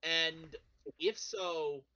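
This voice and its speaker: A man's voice: on the high side, muffled recording. A man hosting a casual livestream chat with friends, leading the group and asking each person questions. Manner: leads the talk, quick and animated. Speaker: host.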